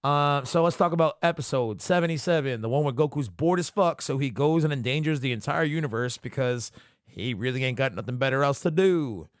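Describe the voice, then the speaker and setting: A man hosting his own podcast, talking in a loose, rambling way and cursing freely. His voice sits at an ordinary middle pitch. The sound is dry, with no room echo. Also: fairly quick. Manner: profane, jokey, rambling commentary. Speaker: podcast host. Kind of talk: casual solo podcast recap.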